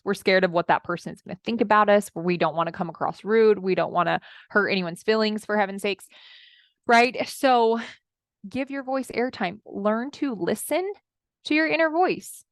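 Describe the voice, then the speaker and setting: Speaking to her audience as though they're friends, a woman in her thirties gives an upbeat marriage-coaching talk and voices her clients' words. Her mid-range voice moves at a moderate pace. The studio sound is clean, with no room tone.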